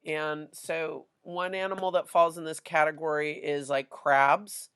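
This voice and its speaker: A woman's voice: low-pitched, little pitch movement, unhurried, clear, resonant tone. A middle-aged woman teacher, chatting through a classroom lesson with stories and many fillers. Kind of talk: casual classroom lesson with anecdotes.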